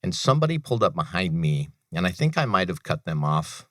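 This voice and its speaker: Deep-voiced man, earnest veteran guest. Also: sing-song, fairly quick, a bit bright, no echo, studio quality. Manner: earnest, personal storytelling with repeated phrases. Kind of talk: interview talk on a business radio show.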